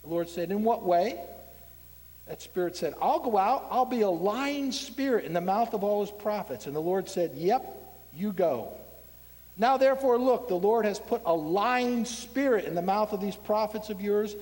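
A preacher voicing a defiant sarcastic prophet. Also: male voice, high voice, animated, normal speed, long reverb tail. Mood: bold. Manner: mock-agreeing, then forceful pronouncing.

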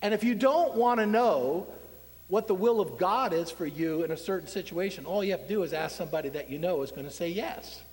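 A man's voice: high-pitched, brisk, big-room sound. A man preaching a sermon in a conversational, wry way, asking his congregation questions. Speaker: pastor.

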